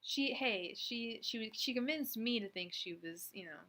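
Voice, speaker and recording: A woman's voice: fairly high pitch, lively intonation, unhurried, pushed and bright. A woman in her thirties, a tarot reader chatting casually on a live stream, rambling with lots of fillers.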